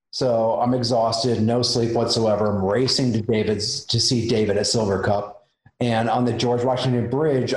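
A man at an ordinary pitch tells a story in a lively, animated way, jumping into the voices of the people in it. He is a special effects makeup artist chatting casually. The sound is roomy, with a clear echo around him.

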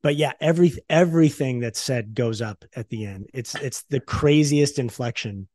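A man co-hosting a podcast who speaks in an easygoing way and chimes in with quick agreement. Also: medium pitch, a little mellow, dry recording. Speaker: podcast co-host. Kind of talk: casual chat.

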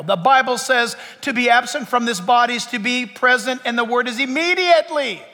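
Speaking at a moderate pace, a male pastor delivers a lively sermon in a very high, piercing, forceful voice. He alternates straightforward instruction with playacted snippets of what his listeners might say. Lengthy reverb from the sanctuary surrounds his words as the congregation listens.

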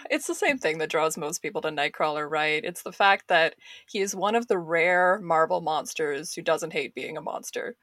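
A woman's voice: deep voice, animated, normal speed, few pauses, fairly bright tone, dry recording. A woman joins a podcast as a guest and talks about comics with analytical enthusiasm. Her speech is loose and full of fillers, and the recording sounds dry and close. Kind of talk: casual podcast discussion.

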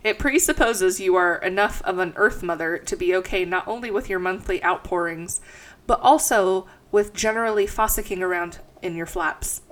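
A woman's voice: mid-range voice, normal speed. A young woman with a stuffy nose co-hosting a casual podcast, swearing freely and laughing as she reads aloud. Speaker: podcast co-host. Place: house.

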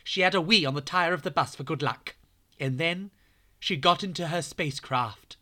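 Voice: mid-range voice, moderate pace, pushed and bright. A children's podcast host, telling a true story in a playful way and speaking straight to young listeners.

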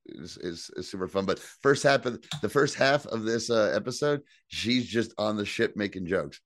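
A man's voice: lowish voice, expressive, normal speed, a bit bright, a little hiss or hum. A man co-hosting a podcast, chatting casually and profanely and reading listener reviews aloud. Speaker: podcast co-host. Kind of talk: casual chat reviewing a TV episode.

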